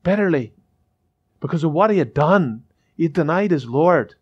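Fervent man preaching in a church, high-pitched, muffled lo-fi sound. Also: animated, moderate pace, a little mellow, husky. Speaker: pastor. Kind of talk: sermon.

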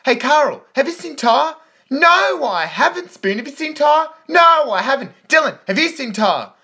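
A woman playing a chirpy, lively kids' show host. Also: high voice, moderate pace, full character voice. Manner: bright, exaggerated kids' show delivery. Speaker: children's show presenter. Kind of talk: kids' show parody dialogue. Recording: voice over loud backing music.

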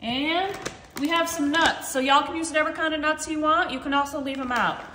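A woman hosts a casual home cooking video, calling her viewers y'all as she works. Her voice sits high and bright. The kitchen is echoey, with a long ring and faint noise behind her. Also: fairly even intonation, a little fast. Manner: chatty, talks to viewers as y'all. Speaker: cooking channel host.

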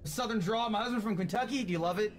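A man's voice: high-pitched, quick pace, soft background music. A man from the US West Coast chatting casually and profanely with viewers while streaming a game. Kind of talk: casual gaming stream chat.

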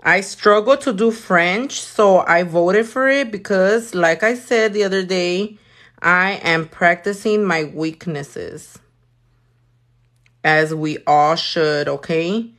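A woman's voice: lowish voice, takes it slowly, a bit bright. A woman, chatting casually and cursing freely while livestreaming her nail work. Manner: sassy, swears a lot, mixes in Spanish.

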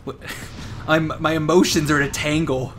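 A man's voice: a little high, little pitch movement, moderate pace, fairly bright tone, a little hiss or hum. A young man telling a story in casual, rambling gameplay commentary, swearing and laughing a lot. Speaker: gaming commentator. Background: game sounds and music.

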